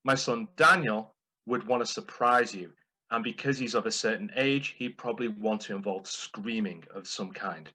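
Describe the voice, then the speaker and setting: A man's voice: on the low side, sharp tone, slightly rough, rough recording. A man delivering a playful, humorous prepared speech at a speaking club. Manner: playful, deliberate.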